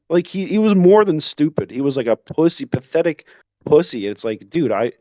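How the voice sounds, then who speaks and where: A man's voice: a little high, moderate pace, dry recording. A young man co-hosting a podcast, telling rambling, profane stories in casual chat. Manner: rambling, profane, animated storytelling. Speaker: podcast co-host. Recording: dull lo-fi sound, dry room.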